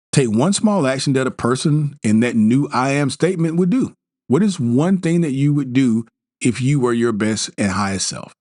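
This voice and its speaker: A man hosts a podcast in an even, mid-range voice, guiding listeners through a bedtime practice. He goes slowly and gently, says key phrases twice, and restarts his sentences now and then. The sound is dry and close, with little room around it. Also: mid-range voice, no room sound. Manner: slow, repetitive, gently instructive, with fillers and restarts. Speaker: podcast host. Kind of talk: guided self-help talk.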